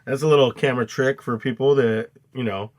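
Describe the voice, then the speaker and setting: Animated, swearing man retelling a movie. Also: medium pitch, brisk. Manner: animated retelling, acts out scenes with loud outbursts, swears a lot. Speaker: podcast co-host. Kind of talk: casual movie review chat.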